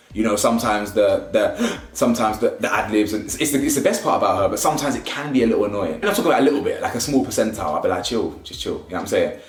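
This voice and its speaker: Young guy reviewing telly, voice jumps all over, echoey room. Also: medium pitch. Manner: animated, slangy, laughs often. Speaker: reality show reviewer. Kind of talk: casual commentary. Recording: roomy echo, faint music.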